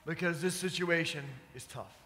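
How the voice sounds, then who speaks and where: A man's voice: on the high side, moderate pace, sharp tone. A man preaching a sermon, telling a story in a conversational way and putting questions to the congregation. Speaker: pastor. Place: church sanctuary. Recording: echoey church hall.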